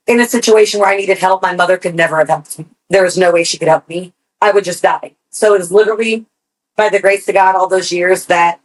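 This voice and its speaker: A woman co-hosting a podcast, telling a personal story in casual chat, animated and swearing freely. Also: fairly low pitch, rough recording. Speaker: podcast co-host.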